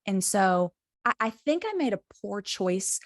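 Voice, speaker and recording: A woman in her thirties co-hosts a podcast and tells a lively, swearing-filled story in casual chat. Her pitch sits mid-range and the sound is close and dry. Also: a little slow, no room sound. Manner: animated storyteller, swears freely. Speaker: podcast co-host.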